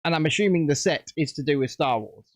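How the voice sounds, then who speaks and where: A man's voice: a little high, fast, no room sound. A British man hosting a casual livestream, chatting and rambling while building a set at home. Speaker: livestream host.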